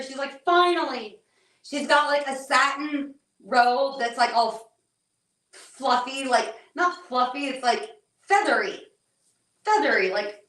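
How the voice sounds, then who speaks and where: A woman working as a psychic medium, relaying what she hears in halting, hesitant bursts with many restarts. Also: sits high, a bit bright. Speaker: psychic medium on a paranormal investigation. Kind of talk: live on-site spirit readings. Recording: echoey room, voice from a distance.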